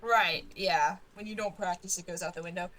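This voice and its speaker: A woman from Germany, a stream moderator and co-player, chatting casually and talking fast when excited. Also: fairly low pitch, noisy background. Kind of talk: casual chat while gaming.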